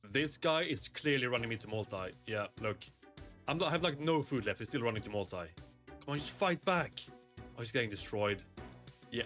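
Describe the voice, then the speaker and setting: Young male streamer, mid-pitched, eager play-by-play over faint music. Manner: excitable, pleading with the game. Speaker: gaming streamer. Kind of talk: live gameplay commentary.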